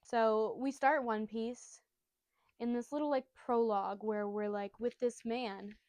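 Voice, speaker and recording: Brief: chatty woman recapping a story to camera, a little high, dry close sound. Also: steady tone, unhurried, darkish tone, no echo. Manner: bubbly, rambling, jokey asides. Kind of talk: casual retelling to camera.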